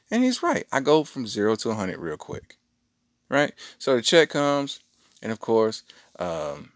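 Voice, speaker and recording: A middle-aged podcast host with a low voice rambles through a story in a casual, animated way, tossing in slangy asides. The recording is dry, with a clean studio sound.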